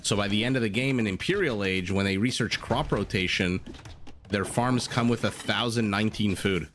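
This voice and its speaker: A man casting a strategy game on a livestream. He talks in a chatty, joking way and answers his chat between calls of the play. His voice sits on the low side, with a little faint noise behind it. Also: normal speed, a bit bright. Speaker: game caster. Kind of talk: live esports commentary.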